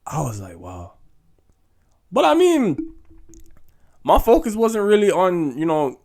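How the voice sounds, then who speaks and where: A man's voice: high-pitched, wildly swooping pitch, unhurried, vocal fry, darkish tone. A young man, hosting a podcast as a casual, chatty monologue. He laughs often and peppers his talk with "yo" and "like". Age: young adult. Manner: laid-back, chatty, laughs often, says "yo" and "like". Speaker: podcast host.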